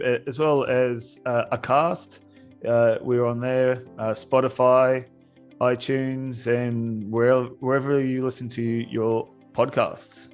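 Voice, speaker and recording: Chatty man telling a rambling story. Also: medium pitch. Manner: rambling storyteller, laughs often. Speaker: podcast host. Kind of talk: casual chat.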